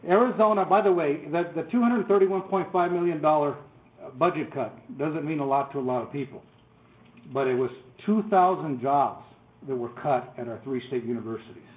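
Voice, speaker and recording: A middle-aged man giving a public lecture as a board president, telling folksy anecdotes with wry humor and halting restarts. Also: fairly high pitch. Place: lecture room. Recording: far-off echoey hall on a tinny lo-fi line with faint noise.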